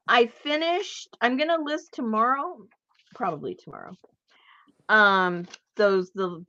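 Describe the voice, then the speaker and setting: A woman's voice: on the low side, lo-fi sound, a little hiss or hum. A woman hosting a casual crafting chat, rambling and laughing easily as she works. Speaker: crafting channel host.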